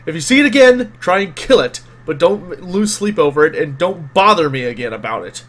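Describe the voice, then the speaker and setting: A man's voice: fairly high pitch, normal speed, lightly acted. Man doing Gustav, a growling surly sailor. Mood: irritated. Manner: growling, contemptuous. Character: surly grumpy male ship's deckhand with a whip.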